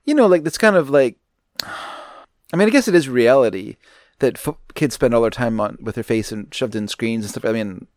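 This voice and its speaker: A man's voice: medium pitch, animated, moderate pace, darkish tone, dry recording, studio quality. A man co-hosting a movie review podcast, chatting in an easygoing, rambling way and laughing often. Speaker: podcast co-host. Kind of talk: casual movie review chat.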